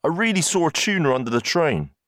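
A man reading aloud puts on a terrified young railway brakeman in an audiobook, his voice jumping high and strained as he shouts frantically. The delivery is dry and close, with no room around it. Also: big pitch swings, fairly quick, dry recording. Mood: panicked. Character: young male railway brakeman, panicked and shaken.

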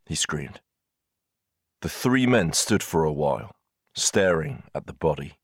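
Deep-voiced male audiobook narrator. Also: expressive, normal speed, dry recording, studio quality. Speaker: audiobook reader.

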